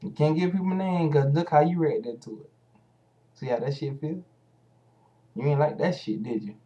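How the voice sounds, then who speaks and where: A man's voice: a little high, moderate pace, warm tone, muffled recording. A man giving casual ranting commentary as a vlogger, heated and profane, speaking straight at the hosts he criticizes.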